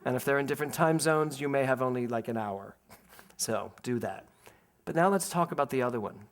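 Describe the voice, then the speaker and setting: A man's voice: mid-range voice, brisk. A middle-aged man from Philadelphia, preaching a sermon to his congregation and acting out a family story. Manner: animated storyteller, laughs and acts out voices, speaks to the congregation. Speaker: minister. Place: spiritual center sanctuary.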